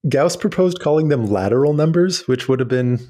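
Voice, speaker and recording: A man's voice: a little high, expressive, a little fast, dark tone. A man, a guest mathematician, explaining ideas eagerly in casual chat with frequent fillers.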